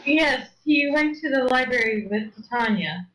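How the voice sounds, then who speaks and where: A woman playing in a tabletop role-playing game, lively and exasperated. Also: high voice, normal speed, roomy sound, a little hiss or hum, poor audio. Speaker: player.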